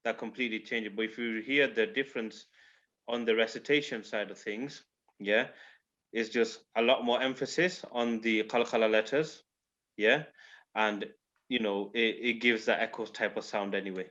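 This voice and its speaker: A man's voice: lowish voice, steady tone, moderate pace, fairly bright tone. Patient male teacher on a muffled call. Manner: explains patiently, keeps checking with "yeah?". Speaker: Quran recitation teacher. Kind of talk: online class teaching. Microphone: video call microphone.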